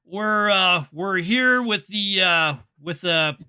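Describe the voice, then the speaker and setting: A man voicing an eager, scrappy spaceship crewman who talks loudly and stumbles over his words. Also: high-pitched, animated, takes it slowly, clear, resonant tone, pitched above the performer's own voice, full character voice.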